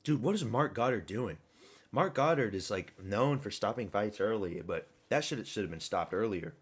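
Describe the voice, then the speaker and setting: A man reacting live to a fight at a watch party, excitable and profane, erupting into shouts. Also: lowish voice, normal speed, slightly rough.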